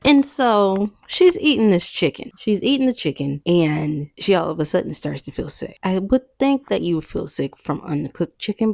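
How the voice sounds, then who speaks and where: A woman talking through a movie in a loose, chatty way, with sassy asides. Her voice has a gravelly fry and a lively, wide-ranging pitch. She is recorded close on the mic with a dry sound. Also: no echo. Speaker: podcast host. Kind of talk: casual film recap.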